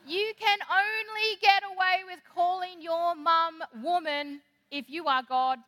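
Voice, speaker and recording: A woman preaches in a chatty, animated way. Her voice sits high and sounds bright and clear. A long reverb trails her words through the hall. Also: a little slow. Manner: animated, conversational, acts out quoted lines. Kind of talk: sermon.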